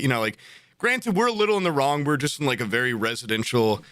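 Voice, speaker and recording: A young man in his twenties tells a rambling story on a casual podcast, his pitch leaping around as he acts out the quotes. The sound is close and dry, with no room around it. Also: sing-song, fast, a bit bright, dry recording. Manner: rambling, filler-heavy storytelling with acted-out quotes. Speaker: podcast co-host.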